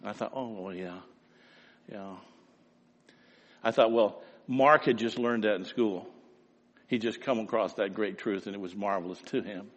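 A man preaching a sermon, telling stories and swinging between loud emphasis and hushed asides. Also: lowish voice, steady tone, moderate pace, long reverb tail, lo-fi sound. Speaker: pastor.

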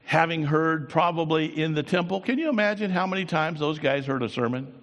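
A man preaching a sermon, swinging between quiet, drawn-out lines and loud, raised bursts. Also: a little high. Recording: long hall reverb.

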